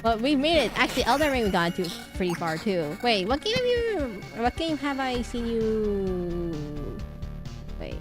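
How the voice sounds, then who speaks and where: A woman's voice: a little high, moderate pace, over music. Rambling woman streamer chatting while gaming. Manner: rambling, animated retelling with many restarts.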